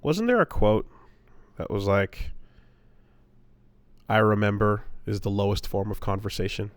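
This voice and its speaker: A man's voice: on the low side, lively intonation, measured pace, clean tone, no room sound. Man, casual podcast chat, laid-back, swears, dry recording. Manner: laid-back, swearing, slips into mock mobster voice. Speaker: podcast co-host.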